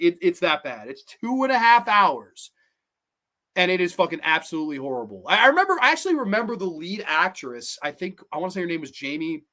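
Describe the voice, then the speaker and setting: A man hosting a show that reviews horror films, talking in an animated, profane way with many fillers and restarts. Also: a little high. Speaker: podcast host reviewing films. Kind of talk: casual film review monologue.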